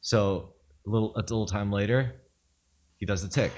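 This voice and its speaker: Low-voiced male podcast co-host, contrarian and crude, telling stories. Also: fairly even intonation, moderate pace, darkish tone. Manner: provocative, argumentative storyteller. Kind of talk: casual podcast chat.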